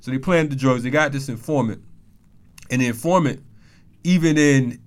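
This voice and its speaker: A man's voice: medium pitch, moderate pace. A man hosting a casual talk show, talking loose street slang and telling a story with heat. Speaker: podcast host. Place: Atlanta.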